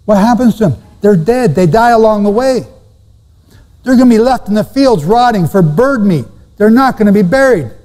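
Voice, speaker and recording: A man's voice: high voice, expressive, normal speed, dark tone. A man teaching Bible prophecy to a live audience, emphatic, repeating key phrases and quizzing his listeners. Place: room with a seated audience. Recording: long reverb of a hall.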